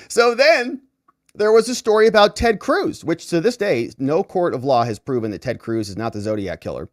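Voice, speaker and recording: A man's voice: fairly high pitch, lively intonation, normal speed, no echo, studio quality. A man hosting a legal commentary stream, sarcastic and mocking, acting out quotes from the people he discusses. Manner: sarcastic, mocking, acts out quotes in shifting voices. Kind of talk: livestream commentary.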